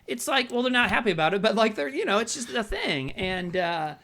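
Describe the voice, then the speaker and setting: A man's voice: high-pitched, big pitch swings, a little fast, bright, forceful tone. A man co-hosting a movie podcast, rambling and swearing in casual chat, dropping into funny quoted voices. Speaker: podcast co-host.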